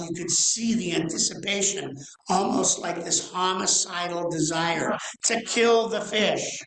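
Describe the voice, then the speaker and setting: Animated man in his sixties telling a story in a roomy church. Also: high voice, vocal fry. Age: 60s. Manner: animated storytelling with drawn-out dramatic pauses. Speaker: guest speaker, rabbi. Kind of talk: storytelling sermon. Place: church sanctuary.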